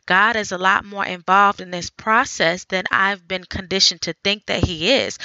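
A woman hosting a faith podcast, talking earnestly in a conversational way, thinking out loud. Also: on the low side, dry recording, highs cut off. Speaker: podcast host.

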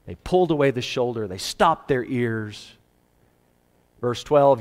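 A man preaching an expository sermon, reading scripture aloud and swinging between loud emphatic cries and low quiet asides. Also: measured pace, in a large hall.

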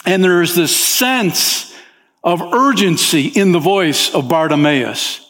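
A man preaching as a pastor, talking with the congregation in an easygoing way and often saying "man", and his pitch rises sharply when he voices desperate pleas. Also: unhurried, a bit bright. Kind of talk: sermon. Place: church sanctuary. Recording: long hall reverb in a church.

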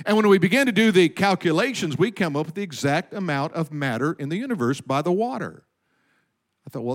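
A man preaching a sermon as pastor, animated, sometimes dropping to a hush. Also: high voice.

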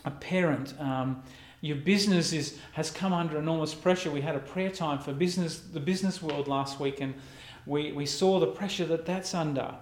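A man's voice: a little high, moderate pace, roomy sound. A man, preaching a reflective, conversational sermon as a pastor.

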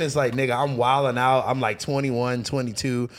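A young man, a rapper guest on a podcast, telling stories in loose casual chat, full of fillers and quick laughs. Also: mid-range voice. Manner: loose storytelling, heavy on fillers, laughs easily.

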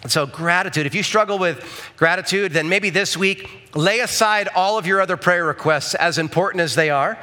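A man's voice: high voice, brisk, sharp tone. A male pastor preaching a conversational sermon in church, often checking in with the congregation with asides.

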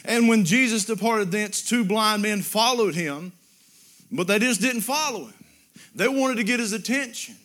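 A man preaching a sermon, drawing out Bible quotes and rising to loud emphatic exclamations. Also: high voice, expressive, normal speed.

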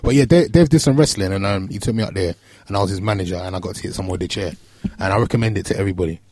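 A man hosting a podcast, talking loudly and emphatically in casual banter. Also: sits low, no room sound. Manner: loud, emphatic, quick to argue. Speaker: podcast host and radio presenter.

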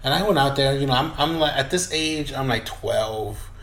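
A man spins a personal story in relaxed chat, cursing freely and slipping into the voices of the people he describes. His mid-pitched voice rings in a roomy space with a faint noise floor. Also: moderate pace. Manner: loose, profane, acts out voices in retelling. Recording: roomy echoey room.

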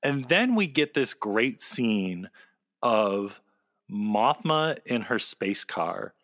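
An animated male podcast co-host talks in quick, excited bursts and laughs often. His voice is bright and forceful. The recording is close and dry, with no room sound. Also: on the low side, no room sound. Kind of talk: casual chat recapping a TV episode.

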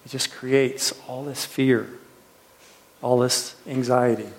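A man's voice: mid-range voice, flat delivery, takes it slowly. A man leading a retreat, preaching earnestly, often repeating words and posing questions to his listeners. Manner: earnest, repeats words, trails softly then lifts with rhetorical questions. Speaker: retreat leader. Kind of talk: sermon. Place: retreat gathering room.

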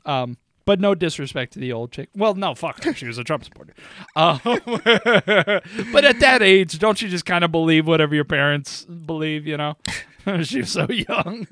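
A man's voice: a little high, fairly bright tone, no echo. A young man co-hosting a podcast, telling rambling stories and laughing often. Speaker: podcast co-host. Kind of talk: casual chat.

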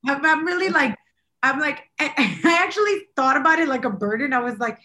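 A woman co-hosting a podcast in casual chat, animated and rambling, often laughing. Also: high voice, brisk. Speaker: podcast co-host.

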